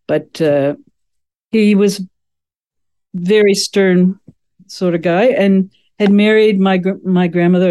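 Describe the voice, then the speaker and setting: A woman's voice: fairly low pitch, mellow. A woman in her sixties from the United States, a podcast guest telling family stories in a rambling, anecdotal way with many asides. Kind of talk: conversational family storytelling.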